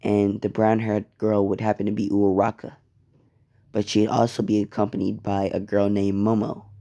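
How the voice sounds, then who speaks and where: A man's voice: on the low side, completely flat delivery, moderate pace, dark tone. A man telling a story casually, rambling, cursing and interrupting himself. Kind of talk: casual fan-fiction storytelling.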